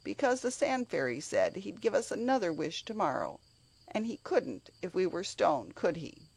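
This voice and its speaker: A woman voicing a steady, kind young boy in a storybook reading, close to her own voice. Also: fairly low pitch, moderate pace, vocal fry, slightly rough, exaggerated voice. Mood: reassuring. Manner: reasoning, kind.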